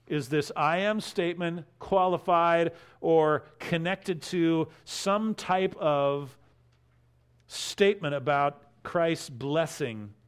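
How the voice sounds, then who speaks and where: A man's voice: fairly high pitch, takes it slowly, clean tone. Man preaching a verse-by-verse sermon. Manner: expository preaching, quoting scripture verse by verse; emphatic swells in level on key phrases. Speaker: pastor.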